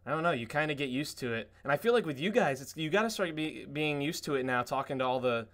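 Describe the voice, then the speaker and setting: A man's voice: on the high side, animated, fast, a bit bright. A man hosting a casual podcast, telling long rambling stories packed with "like" fillers and swearing. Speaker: podcast host.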